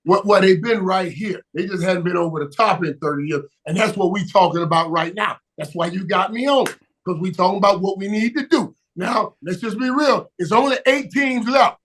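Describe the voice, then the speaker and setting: Emphatic high-voiced man talking sports. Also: normal speed. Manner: emphatic, repeats words, shouts for emphasis, laughs often. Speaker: guest. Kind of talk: animated sports talk.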